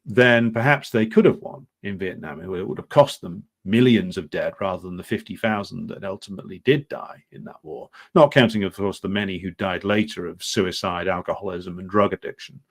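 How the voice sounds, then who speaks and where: Male commentary host, slightly low voice, off-the-cuff and sardonic, hesitant with frequent fillers. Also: a little fast. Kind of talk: unscripted commentary reading from an article.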